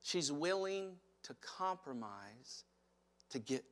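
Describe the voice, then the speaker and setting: A man preaching a sermon as pastor, animated, acting out quotes and chuckling as he speaks. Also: on the high side, takes it slowly.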